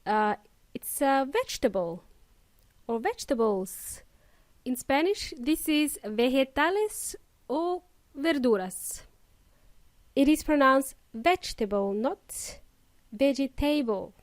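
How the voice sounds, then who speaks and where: A woman teaching English pronunciation on a podcast, patiently repeating each word slowly for learners. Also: high-pitched, sing-song, no room sound. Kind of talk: slow podcast pronunciation lesson.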